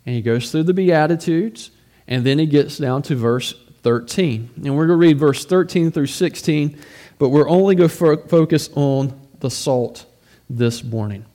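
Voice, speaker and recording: A man's voice: a little high, moderate pace, mellow. Man preaching a conversational sermon. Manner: conversational preaching with rhetorical questions and repeated words. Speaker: pastor.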